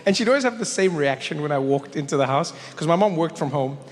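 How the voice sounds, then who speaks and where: A man doing stand-up comedy with animated storytelling and frequent self-interruptions. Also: on the high side, quick pace. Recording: live venue with long reverb.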